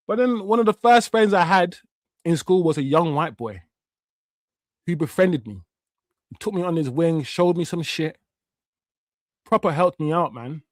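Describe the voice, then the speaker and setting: A man in his fifties, Jamaican-born, now, rants through a casual live stream, slangy and swearing, in a voice pitched a little higher than most men's. The sound is dry and close, with no room around it. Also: lively intonation, measured pace, long pauses, no room sound. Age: 50s. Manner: heated, swearing, street slang. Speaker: watch-along stream host.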